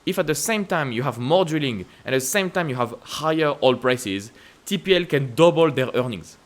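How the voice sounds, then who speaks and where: A man with a French accent hosting casual stock-market commentary, asking emphatic rhetorical questions and jumping up in pitch to stress points. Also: lively intonation, normal speed. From France. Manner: emphatic, repetitive rhetorical questions with sudden upward pitch leaps. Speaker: investing channel host.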